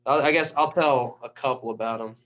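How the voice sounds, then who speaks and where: A man, a high school wrestling coach, telling stories in a casual, animated way and acting out the lines of people in them. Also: fairly quick. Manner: animated storyteller who acts out quotes. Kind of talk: casual storytelling. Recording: dull lo-fi recording.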